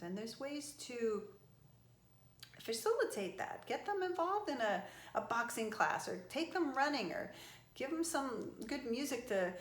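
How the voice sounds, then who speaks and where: A middle-aged woman motivational speaker giving earnest, emphatic advice straight to camera. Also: medium pitch. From from an Italian family. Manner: earnest and emphatic, with animated outbursts. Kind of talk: direct-to-camera advice talk. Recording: echoey room.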